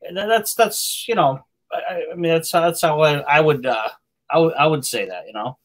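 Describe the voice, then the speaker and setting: A man with a Massachusetts accent hosting a live stream, halting with lots of fillers and restarts. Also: a little high, poor audio. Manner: halting, many fillers and repeated words. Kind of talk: casual chat.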